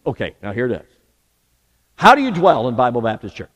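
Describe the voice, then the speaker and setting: Lively male preacher in an echoing church. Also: medium pitch, brisk. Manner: emphatic preaching with rhetorical questions. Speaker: pastor. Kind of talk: sermon. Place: church sanctuary. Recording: long reverb in a church hall.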